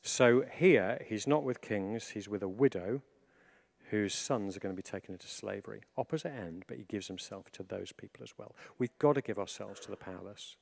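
A man preaching a sermon in a chatty, animated way, full of asides and restarts. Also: lowish voice, moderate pace, vocal fry.

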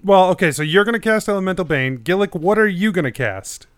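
A man's voice: high-pitched, expressive, fairly bright tone, clean tone, dry recording, studio quality. A man running a tabletop game as game master, narrating and voicing bandits, laughing often. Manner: voices bandits in quick asides, laughs often.

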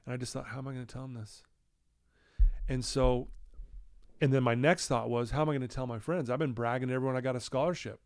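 A middle-aged man from Utah speaks earnestly as a podcast guest, his voice gravelly. He drops to a hushed tone when quoting others, recorded dry and close. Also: medium pitch, fairly even intonation, fast talker, no echo. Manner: earnest storytelling, acts out quoted dialogue in a hushed voice. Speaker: guest telling his life story. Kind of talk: candid podcast conversation.

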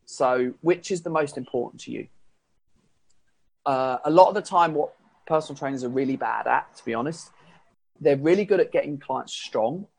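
A man's voice: medium pitch, normal speed, gravelly, a little mellow, breathy edge, no echo. A man, a fitness coach, explaining his coaching method in a chatty, rambling way that corrects itself as he goes. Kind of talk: casual explanatory talk.

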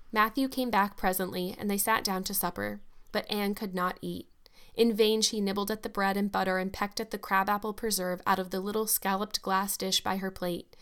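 A woman narrates a classic storybook in a measured, even read. Her voice sits in a middle pitch, and her pace stays steady and unhurried. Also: clear, resonant tone. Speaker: audiobook narrator. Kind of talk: scripted narration.

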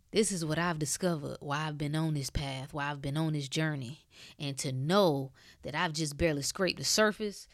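A woman with a lowish voice delivers a preachy motivational monologue, emphatic and conversational. She swings between loud bursts and soft hushed stretches. The recording is close and dry, with no room sound. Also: moderate pace, no room sound. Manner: casual speech with dropped words. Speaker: wellness speaker.

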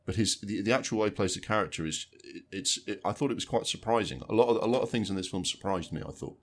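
A man with a very low voice rambles through a casual film review, circling back on his words as he thinks aloud. He swears now and then in an easy, chatty way. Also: animated, fast. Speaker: film podcast co-host.

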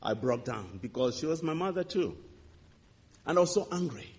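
A man preaching a sermon, telling a testimony with impassioned swings between loud and hushed delivery. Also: on the high side, animated, normal speed, husky. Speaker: pastor. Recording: reverberant hall.

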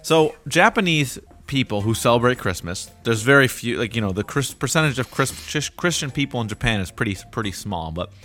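A young man co-hosting a casual podcast chat, lively and animated. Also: mid-range voice, brisk, hardly any pauses. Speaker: podcast co-host.

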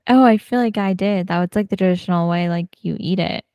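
A woman co-hosting a podcast in casual chat, talkative and quick to laugh. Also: on the low side, warm tone, clear, resonant tone, no echo, clean studio sound. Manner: chatty, laughs often, many fillers. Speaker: podcast co-host.

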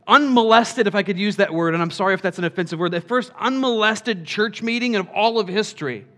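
Animated bright-voiced male preacher. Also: high voice. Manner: animated, swings from quiet to shouting, acts out quotes. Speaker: pastor. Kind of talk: sermon.

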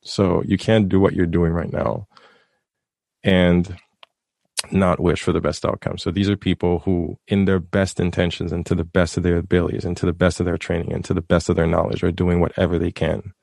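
A man's voice: low voice, little pitch movement, moderate pace, gravelly, a little mellow, no room sound, clean studio sound. A man earnestly recounting a personal story in a casual podcast conversation, rambling and restarting his sentences. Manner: emotional, heartfelt storytelling. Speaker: guest telling a personal story.

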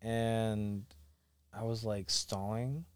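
A man's voice: lowish voice, steady tone, very slow, clear, resonant tone, dry recording. A young man hosting a podcast, telling casual stories with lots of profanity and acted-out quotes. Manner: storytelling, profane, acts out quotes. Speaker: podcast host. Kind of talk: casual chat.

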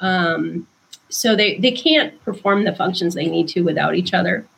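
A woman guest author explaining ideas in conversation, thoughtful and unhurried, with frequent ums. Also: fairly low pitch, gravelly, a bit bright, breathy edge, poor audio.

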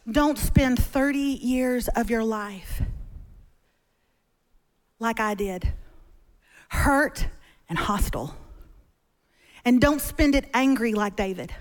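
A middle-aged woman preaching as a guest speaker from a church stage, telling stories with animated humor. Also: sits high. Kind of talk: sermon. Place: church stage before a congregation.

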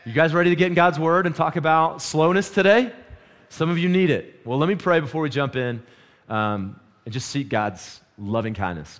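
A man's voice: mid-range voice, moderate pace. A man preaching a casual sermon, telling a story and asking the congregation questions. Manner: animated, storytelling, asks the crowd questions; quiet and hushed in prayer. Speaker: pastor.

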